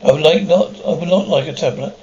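A man's voice: a little high, brisk, darkish tone, lightly acted. An actor playing a stern, irritated male judge in a 1960s television drama, speaking curtly and indignantly. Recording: dull 1960s TV soundtrack with faint hiss.

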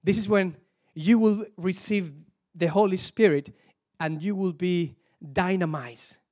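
Preaching in English, which is not his first language, a man from Spain speaks with a Spanish accent, a little slowly, in a high-pitched, darkish voice. He often repeats words and gropes aloud for the right English expression.

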